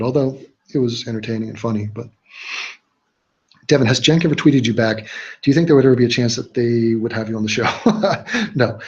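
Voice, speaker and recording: A man's voice: mid-range voice, slightly rough. A man hosting a casual livestream, reading viewer questions and answering in a blunt, opinionated, rambling way. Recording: dull lo-fi livestream audio.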